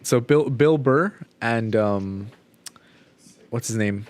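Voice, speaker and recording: A man's voice: medium pitch, slow, a little mellow. Casual rambling young man podcaster. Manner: rambling, swears freely, acts out quotes. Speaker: podcast co-host. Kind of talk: casual chat.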